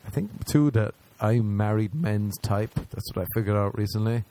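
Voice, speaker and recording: Male stand-up, lowish voice, crude confessional storyteller who acts out every line. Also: warm tone. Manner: crude, self-mocking, acts out scenes in quick voices. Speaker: stand-up comedian.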